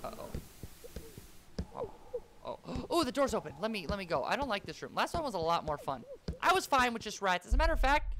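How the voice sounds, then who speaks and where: A man's voice: high voice, big pitch swings, fast, music in the background. A man giving casual, joking commentary while playing a horror game, with jumpy exclamations. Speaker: gaming YouTuber.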